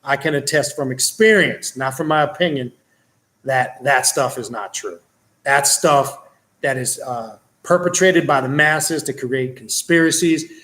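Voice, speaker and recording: Roomy audio carries this man's mid-range, unhurried voice. He's hosting a livestream, reading out viewer questions and answering them bluntly and profanely in a casual style, with plenty of animated storytelling.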